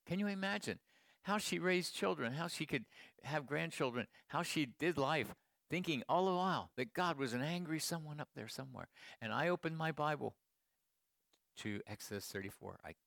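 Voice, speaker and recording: A middle-aged man preaching a sermon to his congregation, moving between quiet storytelling and emphatic declarations. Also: fairly high pitch, expressive, normal speed, gravelly, no room sound, studio quality. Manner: storytelling, swings from hushed asides to emphatic proclamation. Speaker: pastor.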